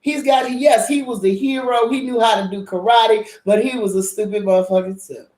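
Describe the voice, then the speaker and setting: A woman's voice: a little high, steady tone, normal speed, darkish tone. A woman host reviewing a drama in a casual, blunt rant, swearing heavily and repeating herself for emphasis. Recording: echoey room.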